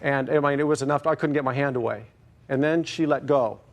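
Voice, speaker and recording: A middle-aged man telling his story in court, halting and full of fillers. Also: mid-range voice. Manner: hesitant, halting, many fillers. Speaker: plaintiff. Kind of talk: testimony in court.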